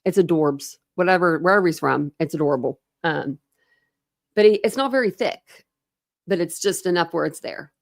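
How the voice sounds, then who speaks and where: A woman's voice: on the low side, normal speed, vocal fry. A woman hosting a true crime livestream from home, chatting loosely with her viewers and rambling between topics with laughs and fillers. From United States. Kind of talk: casual livestream chat with viewers. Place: home room. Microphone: desk camera setup.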